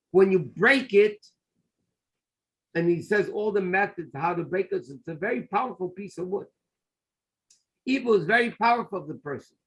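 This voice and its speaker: A middle-aged man giving a Torah lesson as a rabbi, his voice sitting fairly high. He speaks emphatically and drops Hebrew terms into his English explanations. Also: a bit bright, low-quality recording. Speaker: rabbi teaching a class. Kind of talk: Torah class lecture.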